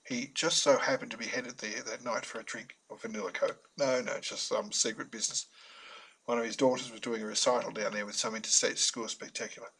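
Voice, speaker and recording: A man's voice: medium pitch, fairly even intonation, brisk, fairly bright tone, breathy edge, poor audio. A man narrating a self-published story in a chatty, wry manner with humorous asides.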